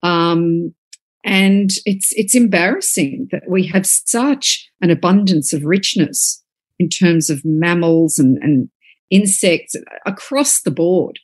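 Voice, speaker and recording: A woman's voice: lowish voice, slow. A middle-aged woman, an author, talking earnestly on a podcast, often repeating words as she gathers her thoughts. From Australia. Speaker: author and guest. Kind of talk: casual podcast conversation.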